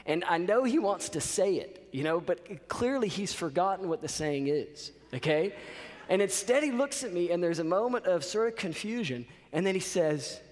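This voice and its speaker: A man in his thirties telling a lively story as a college chapel speaker, often checking in with his audience. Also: sits high, moderate pace. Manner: animated storyteller, checks in with "okay?". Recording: reverberant chapel hall.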